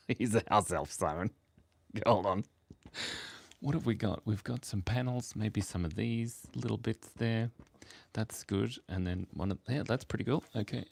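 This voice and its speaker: A man's voice: deep voice, gravelly, a little mellow. A man chatting casually while he draws on a live stream, playful and rambling, laughing often at his own jokes. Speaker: streamer drawing for chat.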